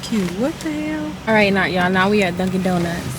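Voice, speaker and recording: A woman vlogging casually to her phone from her car, chatty and quick to laugh. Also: medium pitch, animated. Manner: chatty, laughs often, loose and playful. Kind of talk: casual vlog chat to camera. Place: in a car at drive-thrus. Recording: noisy car with traffic around.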